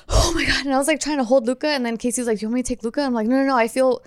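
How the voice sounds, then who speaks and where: A young woman with a smooth, slightly high voice tells friends a lively story in casual chat, swearing freely as she goes. She is close to the mic in a dry, dead room. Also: very fast, no room sound. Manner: animated storytelling, frequent swearing.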